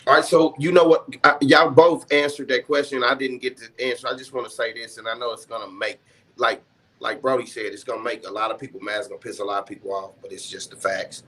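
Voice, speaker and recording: Fast and forceful, a man's medium-pitched voice comes out bright and breathy with fairly even intonation. Sitting on a talk show panel in a heated, casual exchange, he swears frequently out of passion and apologizes for getting carried away.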